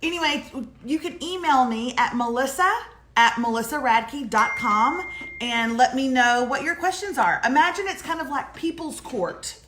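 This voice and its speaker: A woman's voice: high-pitched, lively intonation, normal speed, pushed and bright. A woman co-hosting a casual morning show, joking and telling stories in a chatty, teasing way. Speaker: co-host of a morning livestream. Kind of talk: casual chat. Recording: roomy echo with faint noise.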